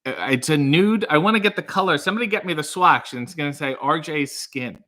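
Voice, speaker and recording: A man's voice: fairly high pitch, lively intonation, fast talker, sharp tone. A man hosting a livestream, chatting casually and jokingly as he reads out viewer comments. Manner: rambling, jokey, self-deprecating. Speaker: livestream host.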